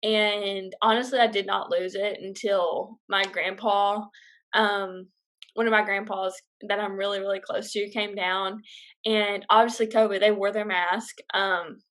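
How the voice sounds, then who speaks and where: A woman's voice: mid-range voice, flat delivery, a little slow, a bit bright. A young woman vlogger casually telling a personal story, chatty and full of fillers. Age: young adult.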